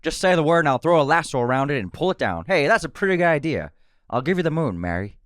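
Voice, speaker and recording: A man doing an impression of a lovestruck young man from an old film, with a halting drawl. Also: a little high, sing-song, no room sound, studio quality. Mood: earnest.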